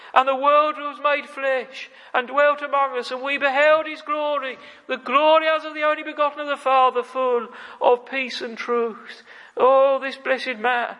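Man, preacher, fervent sermon, bright tense tone, flat pitch. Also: vocal fry. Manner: fervent, repetitive, frequent "oh, friends". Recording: long hall reverb.

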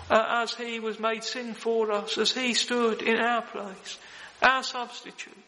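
Man, preacher, solemn earnest sermon, flat even delivery, long hall reverb. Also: extremely high pitch.

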